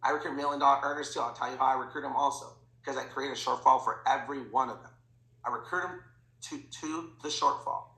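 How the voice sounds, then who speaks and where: A man giving a sales training talk to his team, talking fast and acting out bits of dialogue with clients. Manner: fast, animated, slips into quoted voices. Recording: echoey room with faint rumble.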